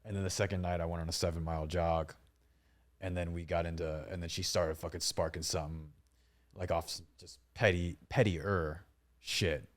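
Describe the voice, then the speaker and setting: A man's voice: low-pitched, steady tone, moderate pace. A young man co-hosting a podcast, telling stories in a blunt, profane, casual way. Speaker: podcast co-host. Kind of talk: casual chat.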